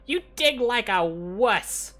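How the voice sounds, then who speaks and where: Bossy goblin, woman doing the voice, high and loud, all nagging. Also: lively intonation, slow pace, soft background music, exaggerated voice. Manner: nagging, yelling. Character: bossy male goblin digger.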